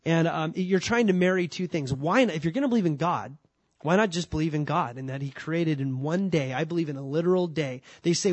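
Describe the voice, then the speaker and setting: A man's voice: a little high, fairly quick, dry recording. A man teaching a sermon on scripture, conversational with dry humor and frequent restarts. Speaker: pastor.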